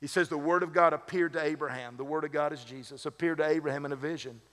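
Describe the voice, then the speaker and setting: A man's voice: fairly high pitch, quick pace, a bit bright. A man serving as lead pastor, preaching a sermon in a conversational way with humorous asides. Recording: long hall reverb.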